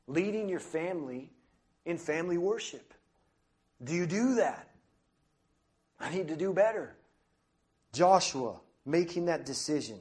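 A man's voice: on the high side, moderate pace, darkish tone. A male missionary preacher giving an earnest, emphatic sermon in a church, often stretching out key phrases.

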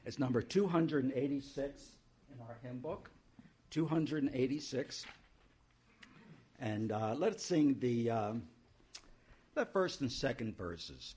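A man's voice: mid-range voice, a little mellow, slightly rough. A male pastor introducing a church service in a conversational way, with homely asides.

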